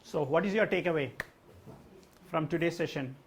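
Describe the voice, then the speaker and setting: A man's voice: fairly high pitch, moderate pace, a little hiss or hum. A man teaching an English test class, explaining answers with lots of "like" and "okay". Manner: addresses a class with questions. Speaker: language test trainer. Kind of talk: live classroom lesson.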